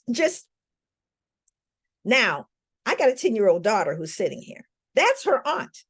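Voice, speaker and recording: A woman's voice: on the high side, slow pace, breathy edge. A woman giving a talk, telling a personal story to a live audience and calling on them with questions. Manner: animated, calls on the audience with questions.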